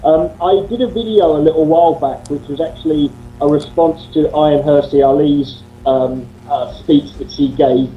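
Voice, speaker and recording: A man's voice: a little high, steady tone, moderate pace, few pauses, muffled recording, slight background noise. A man talking casually on a panel, rambling with many restarts and swearing freely, speaking into a computer mic on a video call.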